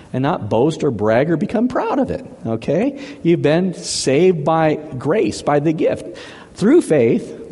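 Animated preacher with a lively voice. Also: male voice, high-pitched, slightly rough, big-room sound. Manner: animated preaching with frequent "okay?" check-ins. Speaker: pastor. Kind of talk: sermon. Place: church sanctuary.

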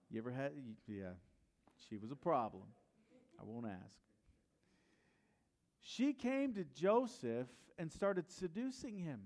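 Male pastor, fairly high voice, storytelling sermon, questions the congregation. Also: expressive, normal speed, darkish tone.

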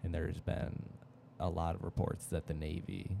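A man's voice: sits low, little pitch movement, moderate pace, gravelly, background noise. A young man co-hosting a podcast, talking casually in a rambling way full of fillers and the odd swear word. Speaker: podcast co-host. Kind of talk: casual chat.

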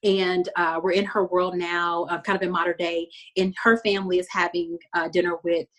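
A woman's voice: fairly low pitch, little pitch movement, moderate pace. A woman hosting a casual podcast, recapping a TV episode in a chatty way with frequent laughs and fillers.

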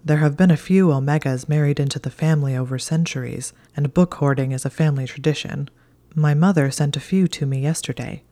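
Protective young wizard read by a woman, whispered role-play, soothing low murmur, mellow dark tone. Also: brisk, natural voice. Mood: calm.

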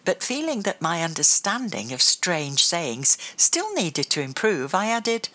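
Woman, storybook narration, low voice, bright tone, lively expressive reading. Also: unhurried, hardly any pauses.

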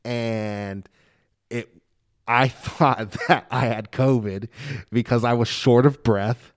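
A man with a middle-pitched voice tells stories in casual, heavily profane chat. He stumbles, restarts and speeds up as he gets worked up. The sound is close and dry. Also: takes it slowly, no echo. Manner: swears constantly, animated storytelling; stammers and restarts often. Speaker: guest telling personal stories; father of a young daughter.

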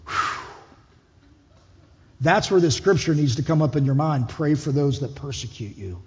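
A man's voice: on the high side, expressive, moderate pace, darkish tone, a little hiss or hum. A man preaching a conversational sermon as lead pastor, putting questions to the congregation. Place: church hall. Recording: dull echoey hall.

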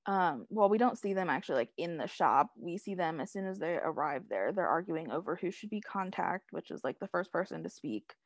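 A woman's voice: on the low side, animated, brisk, few pauses, no echo. Chatty young woman recapping a show. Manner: rambling, heavy use of "like" and "um", laughs often. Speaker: podcast co-host recapping a TV episode. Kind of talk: casual chat.

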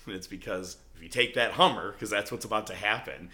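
A man's voice: lowish voice, moderate pace. A man hosting a podcast in casual chat, recapping a TV show with lots of swearing and acted-out quotes. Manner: animated, swearing, acts out quotes in character voices. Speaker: podcast host.

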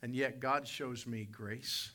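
A man preaching a sermon as pastor, emphatic, surging to loud peaks and then dropping low. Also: steady tone, takes it slowly. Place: church service with congregation responding.

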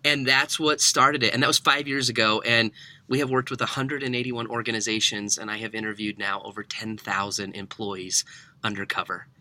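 A young man, a podcast guest, telling a story in conversation, animated and laughing often. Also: fairly low pitch, fairly quick. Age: young adult.

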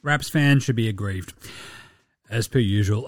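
A man's voice: on the low side, unhurried, long pauses, no room sound, clean studio sound. An Australian man hosting a sports podcast, talking casually and sarcastically, swearing often and mocking the people he talks about. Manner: profane, sarcastic, mocking impressions. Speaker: podcast host.

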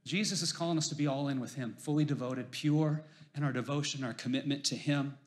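A man preaching a sermon, animated, swinging from loud emphasis to hushed lines and telling jokey stories. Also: mid-range voice, a little fast. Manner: jokey storyteller. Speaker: pastor.

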